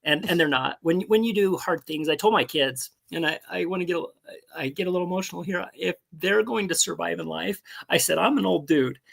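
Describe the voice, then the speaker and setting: Older man in his 70s, folksy motivational guest, a bit higher-pitched, video call. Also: brisk, vocal fry, fairly bright tone. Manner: earnest, encouraging, folksy. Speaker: guest speaker. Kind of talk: casual motivational talk.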